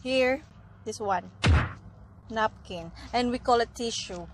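A woman's voice: a little high, slow, background noise. Chatty Filipino woman vlogging in a car. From Philippines. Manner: chatty, explaining with restarts and laughs. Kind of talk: casual chat.

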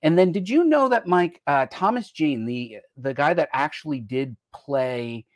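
This American host's voice sits a little high and sounds animated, moving at a measured pace through a rambling, casual live-stream chat where he hops between topics mid-sentence. The studio-quality recording has no echo.

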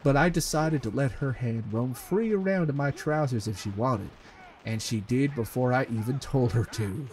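A man with an English accent hosts a comedic, dramatic reading of fan fiction aloud, adding commentary, often breaking into laughter, and stumbling through halting asides full of fillers. His voice is medium-pitched and a little mellow.

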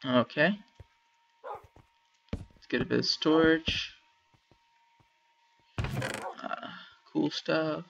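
A man's voice: on the high side, steady tone, very slow, gravelly, pauses often, fairly bright tone, slight background noise. A man casually commenting while playing a video game, chatting wryly and talking to the animals on screen. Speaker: let's play gamer.

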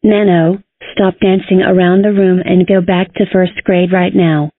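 A woman's voice: fairly low pitch, little pitch movement, unhurried. A female computer voice playing a strict schoolteacher in a cartoon, with a tinny phone-like sound. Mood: scolding. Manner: stern, scolding. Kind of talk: text-to-speech cartoon voice.

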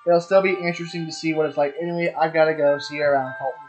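A man reading the lines of a polite, reserved teenage schoolgirl in a visual novel, in a measured way. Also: a little high, little pitch movement, lightly acted. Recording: dull lo-fi audio with soft music.

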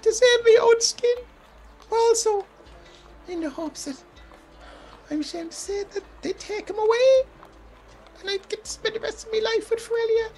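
A woman voicing a small, guilty gnome woman who wails and sobs as she confesses, her voice squeaking between laughter and tears. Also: moderate pace, pauses often, a little mellow, soft background music. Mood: tearful pleading. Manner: high squeaky wail, laughing and crying as she pleads. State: crying. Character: sobbing, shrill little gnome woman, guilty and desperate.

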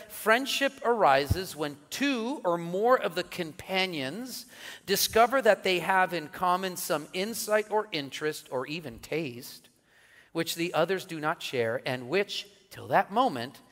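A middle-aged man preaching from the pulpit, bouncing between jokes and earnest points. His voice sits on the higher side for a man. The sound carries a long echo from a large church sanctuary. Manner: animated storytelling with jokes and laughter. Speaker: pastor. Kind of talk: sermon. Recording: church hall with long reverb.

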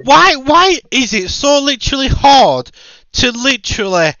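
A man's voice: very high voice, very animated, unhurried, sharp tone, no room sound, dull audio. A man hosting a podcast, ranting in exasperated, repeated questions. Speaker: podcast host. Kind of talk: casual opinion chat.

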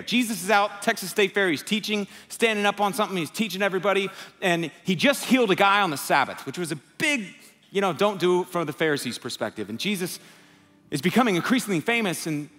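Man preaching in an echoing hall. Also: high voice. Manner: conversational, acts out quotes, builds to impassioned near-shouting. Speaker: pastor. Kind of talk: sermon. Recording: long hall reverb, soft music behind.

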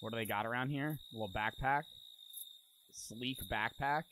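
A man's voice: mid-range voice, moderate pace, a bit bright, slight background noise. A young man streaming a game, muttering offhand comments and swearing casually.

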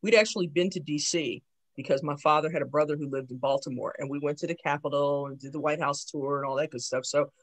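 A woman in her sixties from New York City, giving a lively talk about her life and acting out remembered conversations. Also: low voice, fast. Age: 60s. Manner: lively storyteller who acts out remembered dialogue. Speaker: invited speaker, town council member. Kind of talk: personal storytelling talk.

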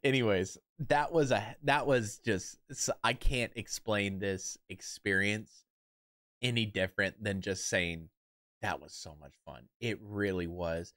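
A man hosting a reaction video, talking in an excitable, rambling way and swearing often. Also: fairly low pitch, a little slow, dry recording, studio quality. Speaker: reaction channel host. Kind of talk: casual reaction commentary.

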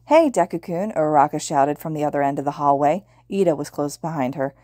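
A woman's voice: low-pitched, flat delivery, mellow, no echo. A woman reading fan fiction aloud in a casual narrating manner. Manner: quick, casual narration with slips. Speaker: podfic reader.

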